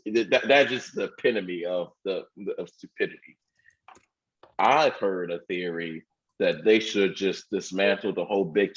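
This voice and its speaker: A man's voice: low-pitched, fairly bright tone. A man co-hosting a sports podcast in casual chat, easygoing, stammering and laughing often. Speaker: podcast co-host. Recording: dull lo-fi mic.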